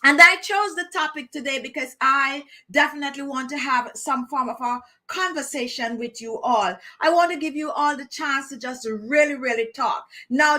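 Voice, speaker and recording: With a high, sharp voice, a beauty channel host runs a casual chat show, talking straight to her viewers in a chatty way and often repeating herself.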